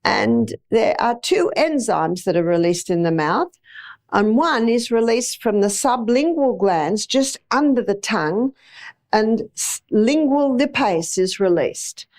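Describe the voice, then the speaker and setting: A middle-aged woman lectures a live audience on health in a chatty, anecdotal way, her voice pitched a little high. She repeats phrases to drive points home and slips into playful asides. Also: sing-song, takes it slowly, darkish tone. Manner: chatty and anecdotal, acts out examples with repetition.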